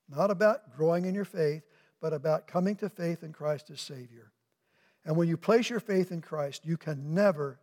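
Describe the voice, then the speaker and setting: Older guy pastor preaching in a church, gravelly voice, big echoey hall. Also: on the high side, a little mellow. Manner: earnest, asks rhetorical questions, slows for emphasis. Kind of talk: sermon. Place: church sanctuary with long reverb.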